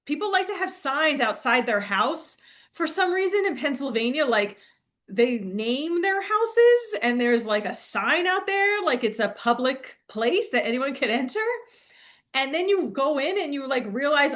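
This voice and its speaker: A woman's voice: sits high, expressive, normal speed, fairly bright tone. A young woman telling a rambling, laughing story in a casual monologue, full of fillers. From New Jersey. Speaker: spiritual coach.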